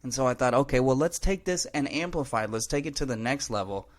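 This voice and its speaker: A man's voice: mid-range voice, fast talker. A young man hosting a podcast, talking earnestly and emphatically to his listeners, often calling them man and brother. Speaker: podcast host. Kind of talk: heartfelt motivational podcast monologue. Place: Los Angeles.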